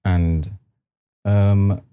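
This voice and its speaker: A young man with a Nigerian accent, a singer guest telling stories softly and hesitantly, slipping into Pidgin. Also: deep voice, level tone, very slow, very noisy. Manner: soft-spoken, hesitant, mixes Pidgin. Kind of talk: casual storytelling interview.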